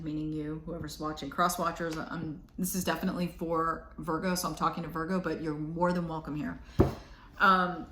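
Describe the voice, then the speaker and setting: Woman reading tarot, kinda rambly, keeps restarting, low voice, roomy echo. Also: moderate pace. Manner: meandering and chatty, trailing off and restarting. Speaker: tarot reader. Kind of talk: casual tarot reading to camera. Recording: echoey room.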